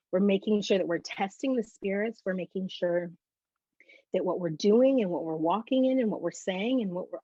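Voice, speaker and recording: A woman guest giving a personal faith testimony as an animated storyteller who acts out the conversations she recounts. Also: mid-range voice, husky, no room sound. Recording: muffled lo-fi dry recording.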